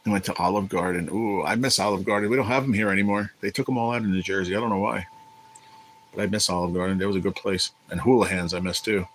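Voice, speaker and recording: A man's voice: low-pitched, fairly even intonation, fast talker, a little hiss or hum, low-quality recording. A man hosting a casual livestream, talking in a blunt, profane, irritated way. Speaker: livestream host.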